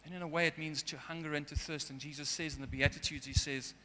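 A man's voice: on the high side, steady tone, fast, pushed and bright, a little hiss or hum. A man preaching a sermon in an earnest way, sometimes getting emotional. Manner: earnest, gets emotional at times. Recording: long hall reverb.

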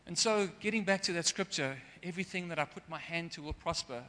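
Guy giving a sermon, bit high and bright voice, earnest, long echo in a big hall. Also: fast talker, slight background noise. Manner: earnest, gets emotional at times. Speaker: preacher.

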